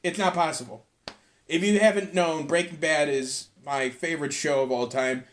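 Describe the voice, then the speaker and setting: A man's voice: a little high, moderate pace. A young man hosting his own podcast alone, rambling loosely and swearing freely in a casual rant. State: tired from cleaning. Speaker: podcast host.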